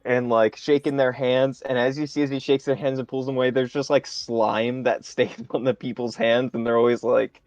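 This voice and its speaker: A man narrating a tabletop game as game master, describing scenes in a halting, improvised way. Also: medium pitch, flat delivery, darkish tone, no echo, highs cut off.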